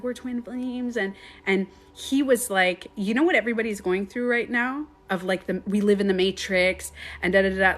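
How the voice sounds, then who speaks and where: A woman who coaches meditation, telling a personal story on a live stream in an animated way, swearing casually and laughing often. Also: mid-range voice.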